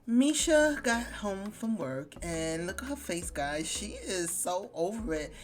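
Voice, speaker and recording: A woman's voice: medium pitch, very animated, slow. A woman hosting a let's play, chatty in casual commentary, speaking to her viewers. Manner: chatty, addresses viewers as guys.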